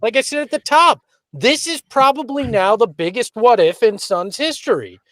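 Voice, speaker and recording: A man's voice: extremely high pitch, animated, moderate pace, a bit bright, no echo, studio quality. A man hosting a casual sports podcast, talking candidly and reflectively, often restarting his sentences. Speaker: podcast host.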